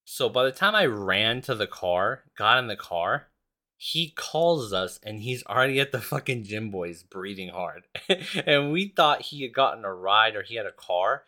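A man's voice: lowish voice, animated, unhurried, bright, forceful tone. A man hosting a podcast, telling a long story in a casual, rambling and profane way. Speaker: podcast host.

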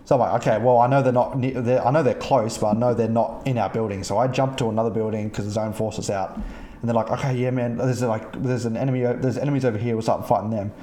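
A man hosts a casual podcast, swearing freely and acting out the players in his gaming stories. His voice is mellow and sits at an everyday middle pitch. The room around him adds a noticeable echo. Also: quick pace, a little hiss or hum. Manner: animated, profane, acts out quoted players. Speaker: podcast host. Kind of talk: casual storytelling chat.

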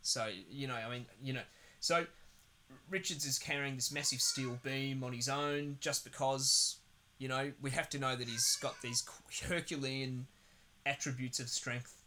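A man's voice: medium pitch, steady tone, measured pace, sharp tone, slight background noise. A man co-hosting a podcast, chatting casually and sarcastically about a film, swearing often and rambling. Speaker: podcast co-host. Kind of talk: casual film review chat.

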